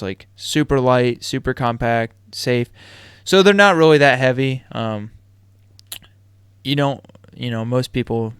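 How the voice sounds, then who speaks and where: A man in the middle pitch range, co-hosting a casual sports stream. His voice is smooth and resonant, recorded close and dry with no room sound. He rambles easily and lets his sentences fade out softly. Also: no room sound. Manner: relaxed, rambling, trails off quietly. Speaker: podcast co-host. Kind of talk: casual live-stream chat.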